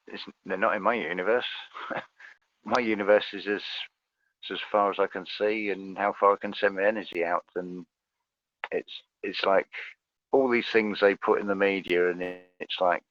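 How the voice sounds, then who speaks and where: A man's voice: deep voice, muffled recording. A man in casual conversation as a guest, hesitant, often repeating words as he starts a thought.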